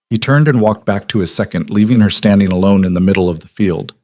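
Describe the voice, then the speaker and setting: A man narrating a historical romance audiobook in a measured, dramatic storytelling voice. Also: fairly low pitch, mellow, dry recording, clean studio sound.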